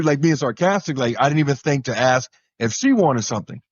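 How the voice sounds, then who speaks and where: A man's voice: medium pitch, lively intonation, brisk, breathy edge, no echo. A married man on a casual podcast panel, easygoing and agreeable, telling personal examples. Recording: dull, dry recording.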